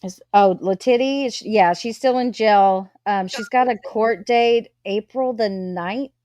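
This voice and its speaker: A woman's voice: medium pitch, a little slow, a little mellow, no echo. A woman hosting a live stream, recounting news with many fillers. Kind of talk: casual live-stream recap.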